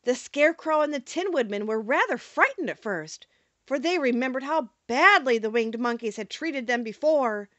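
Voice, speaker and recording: A woman narrating a storybook audiobook in an expressive reading manner. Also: high-pitched, normal speed, no room sound, muffled recording.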